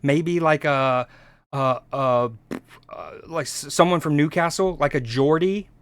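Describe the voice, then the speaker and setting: A man's voice: on the high side, measured pace, a crowd in the background. A man from the United States streaming, reacting in rambling, profane casual chat. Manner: rambling, profane, restarts often.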